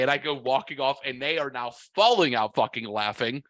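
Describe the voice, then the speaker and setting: Forties guy, podcast host, loud and profane storyteller, bright edge, dry close mic. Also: medium pitch, moderate pace, no echo. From half white, half Mexican heritage. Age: 40s. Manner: profane, blunt, animated storytelling. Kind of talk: casual storytelling.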